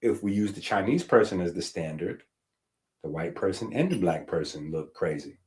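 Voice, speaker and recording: Male streamer with a slightly low voice, emphatic and rhetorical, casual monologue. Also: animated, moderate pace, darkish tone. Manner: emphatic, rhetorical, checks in with "right?". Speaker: health streamer. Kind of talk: casual monologue reading from a book.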